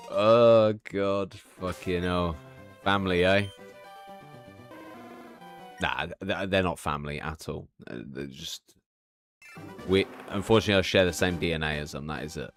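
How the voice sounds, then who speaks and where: A young man with a very deep voice talks openly while streaming, swearing freely as he confides. Faint music plays underneath him. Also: moderate pace, pauses often. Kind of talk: casual live-stream chat.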